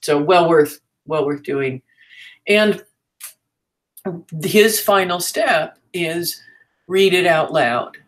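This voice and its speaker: A woman's voice: on the low side, very slow, pauses often, low-quality recording. A woman teaching a writing class in a frank, chatty way, with fillers and asides. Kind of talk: casual teaching talk.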